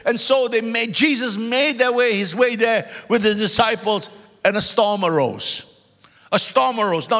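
High-voiced preacher in an echoing church. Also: male voice, bright, forceful tone. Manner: emphatic, repeats key words, calls to the congregation; joking asides. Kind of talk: sermon. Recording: long hall reverb.

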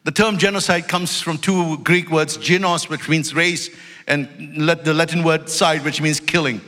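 Brief: male pastor, high bright voice, emphatic sermon, big reverberant church hall. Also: steady tone, measured pace. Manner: emphatic, loud, swings between shouting and low storytelling asides. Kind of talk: preaching a sermon. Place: church sanctuary. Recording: long reverb of a large hall.

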